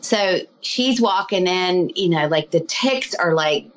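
Woman guest, healer, lowish voice, animated chatty storyteller full of fillers. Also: slow, slight background noise, rough recording. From lives abroad, not local. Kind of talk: casual storytelling interview.

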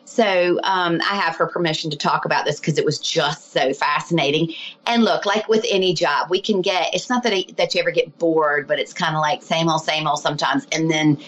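A woman with a slightly low voice talks as a guest healer in a relaxed interview. She tells her stories in an animated, chatty way, with lots of "you know" and "like" fillers. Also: brisk, rough recording. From lives abroad, not local. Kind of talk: casual storytelling interview.

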